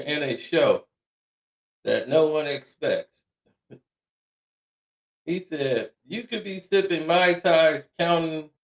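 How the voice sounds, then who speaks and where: A man giving casual commentary, reading messages aloud with frequent laughs and quick asides. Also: on the high side. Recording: echoey room, dull lo-fi sound.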